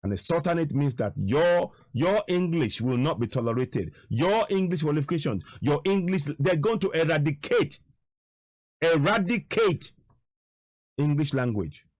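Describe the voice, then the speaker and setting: A man's voice: fairly high pitch, expressive, normal speed, darkish tone, no echo, clean studio sound. A man giving emphatic, repetitive, indignant political commentary over video footage.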